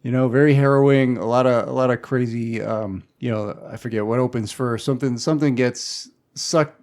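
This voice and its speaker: A man's voice: mid-range voice, steady tone, a little fast, a little mellow. A man chatting casually on a podcast, retelling a film in a loose, rambling way with lots of fillers. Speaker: podcast host. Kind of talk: casual chat.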